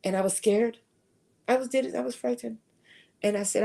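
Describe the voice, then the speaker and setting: A woman's voice: on the high side, steady tone, brisk, creaky, pauses often, warm tone. A woman giving a conversational faith talk at a retreat, sharing earnest personal testimony. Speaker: retreat speaker.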